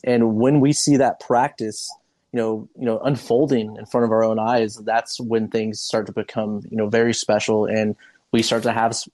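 Earnest man with a dry, halting delivery. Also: lowish voice, darkish tone, dry recording. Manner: earnest, halting, many "you know" fillers. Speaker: paranormal investigator guest. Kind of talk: casual interview answer.

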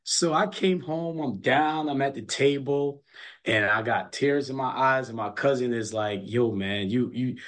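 A man's voice: medium pitch, measured pace, a bit bright. A middle-aged man, a college basketball coach, telling stories emphatically in a casual interview and repeating words as he builds a point.

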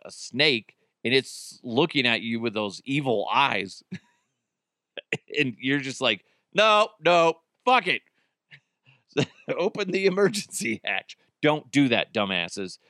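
A man's voice: mid-range voice, expressive, a little slow, bright, forceful tone, no echo, clean studio sound. A man hosting a comedy podcast, riffing crudely and swearing freely as he jokes about the news. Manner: crude, joking, profane. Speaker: podcast host. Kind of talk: casual comedic podcast monologue.

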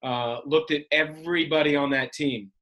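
A man hosting a podcast, a former player, speaking in a measured, reflective way with some fillers. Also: fairly high pitch, fairly even intonation, pushed and bright. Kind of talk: casual interview chat.

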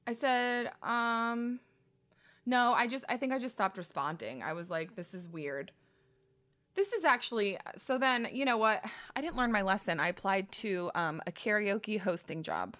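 A woman comedian co-hosting a chat show, telling a story in a lively way and acting out what people said. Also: on the high side, normal speed. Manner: animated, laughing storyteller acting out quotes. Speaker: comedian and podcast co-host.

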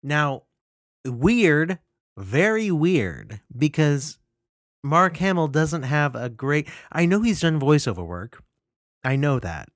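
A man's voice: fairly high pitch, sing-song, slow pace, dry recording, clean studio sound. A man giving opinionated film commentary who speaks in an indignant, emphatic way and often repeats himself. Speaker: film reviewer.

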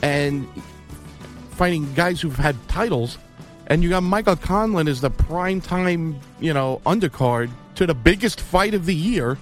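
A man's voice: a little high, animated, a little slow, faint music behind. A man co-hosting a boxing podcast, giving blunt, emphatic opinions in casual chat.

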